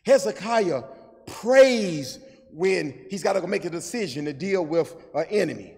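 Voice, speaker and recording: Male preacher, high and gravelly, recorded in a church with a long echo. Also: lively intonation, a little slow. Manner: call-and-response preaching, swings from quiet to shouting and sung phrases. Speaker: pastor. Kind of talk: sermon. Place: church sanctuary. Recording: long church hall reverb.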